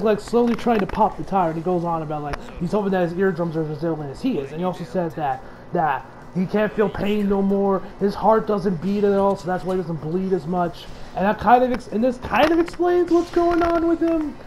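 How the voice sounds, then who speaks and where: A man giving a casual, rambling and profane recap of an anime episode, with lots of filler words and bursts of excitement. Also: sits high, background noise. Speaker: anime reviewer.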